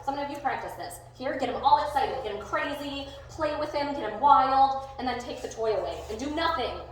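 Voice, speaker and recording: A woman dog trainer teaching a hands-on lesson, upbeat and animated, with bursts of excited praise. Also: high voice, a little fast. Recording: echoey room, distant mic, faint noise.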